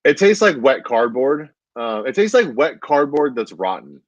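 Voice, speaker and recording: This comedian's mid-range voice swings widely in pitch at a normal speed as he rambles through a casual story. Fillers abound, especially "like," and "dude" comes up constantly. The dry, dull lo-fi recording has no room sound.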